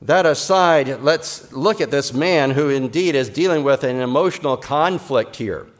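A man delivering a Sunday sermon, earnest and measured. His voice sits a little on the high side, and he leans on repeated phrases to drive his points home. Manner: soft, slow closing prayer. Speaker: pastor.

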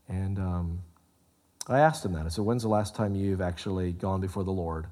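A man preaching a sermon, animated, swinging from loud exclamations to hushed, low asides. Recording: long hall reverb.

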